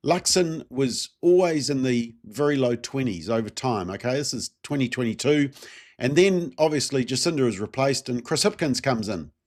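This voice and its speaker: A man, talking through his points in a loose, conversational way. He fills pauses with frequent ums and uhs and throws rhetorical questions at his viewers. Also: medium pitch, expressive, a little mellow. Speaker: political commentary host. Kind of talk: casual solo political commentary.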